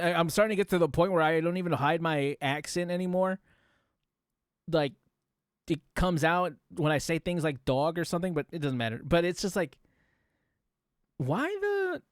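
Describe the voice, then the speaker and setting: A man's voice: a little high, steady tone, brisk, clean tone, dry recording, clean studio sound. A man streaming a casual reaction commentary, rambling and talking straight to his chat while demonstrating voice tricks.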